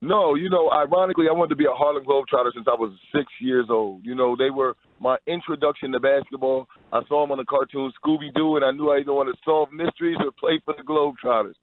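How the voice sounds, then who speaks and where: A man's voice: mid-range voice, fast talker, few pauses, dry recording. Man, upbeat guest, phone-line sound, dry. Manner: upbeat, promotional, with repeated restarts. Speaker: Harlem Globetrotters player, guest. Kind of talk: phone-in radio interview.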